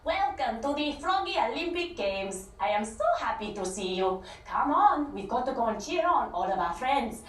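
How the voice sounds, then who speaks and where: A woman voicing a friendly young male frog who gets a bit nervous, speaking softly and hushed in a children's storybook. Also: a little high, big pitch swings, moderate pace, hardly any pauses, voice pushed down. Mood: welcoming. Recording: echoey room, distant mic, background noise.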